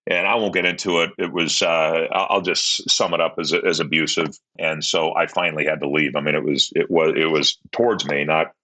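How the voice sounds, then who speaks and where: A man's voice: extremely low pitch, fairly even intonation, fairly quick, hardly any pauses, pushed and bright. A man in his fifties, a podcast guest, telling his life story candidly in a rambling way, repeating words and livening up when he retells conversations.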